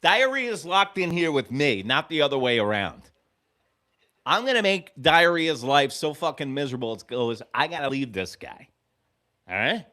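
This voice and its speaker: A man hosts a live baseball reaction stream. He talks in an animated, profane way and calls plays with excitement. His voice is bright and swings widely in pitch. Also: normal speed. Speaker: host of a fan sports show.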